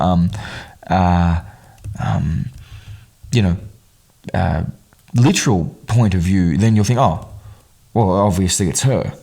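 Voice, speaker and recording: A man's voice: lowish voice, a little mellow. A man hosting a solo film commentary in a casual, rambling way, with many fillers and restarts and a wry, amused tone. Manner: wry, amused at the film's absurdities. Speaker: podcast host, film commentator.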